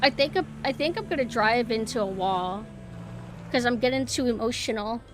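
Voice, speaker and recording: A woman streamer giving casual gameplay commentary, chatting to her viewers and jumping to high squeals when flustered. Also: expressive, normal speed.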